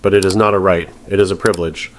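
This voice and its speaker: Man doing a calm, stern judge, low voice. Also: a little hiss or hum, lightly acted. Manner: calm, measured, precise delivery. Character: stern older male judge, calm and measured. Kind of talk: scripted narration.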